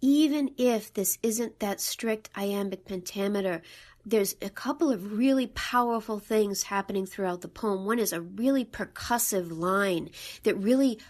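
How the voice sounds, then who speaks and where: A woman's voice: mid-range voice, unhurried, darkish tone. A woman co-hosting a podcast, explaining a poem's rhythm with enthusiasm. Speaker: podcast co-host. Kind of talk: casual poetry discussion.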